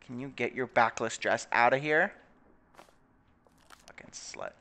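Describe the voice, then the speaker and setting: A man's voice: mid-range voice, unhurried, gravelly, sharp tone. A young man giving casual, profane commentary on a life-simulation game, laughing often and putting on mocking voices. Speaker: gaming video creator.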